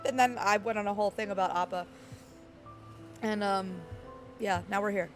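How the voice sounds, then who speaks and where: A woman streaming and chatting casually, rambling and reading chat aloud, her voice croaky and worn out. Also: a little high, rapid-fire. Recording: faint music underneath.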